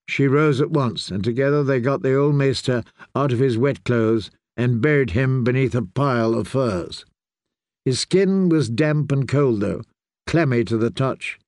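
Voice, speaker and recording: A man reading a fantasy audiobook in a measured, steady storytelling manner. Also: mid-range voice, dry recording, studio quality. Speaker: audiobook reader.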